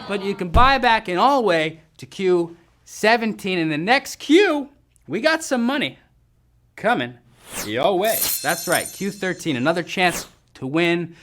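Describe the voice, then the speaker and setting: A man's voice: high voice, fairly bright tone. A man hosting a live trivia game show, reading questions and answers with upbeat, jokey asides to the players. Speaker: quiz show host.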